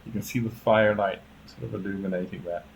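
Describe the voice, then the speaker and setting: A man narrating as game master in a tabletop game, easygoing and often laughing, with halting narration. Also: fairly low pitch, steady tone, vocal fry, a little hiss or hum, low-quality recording.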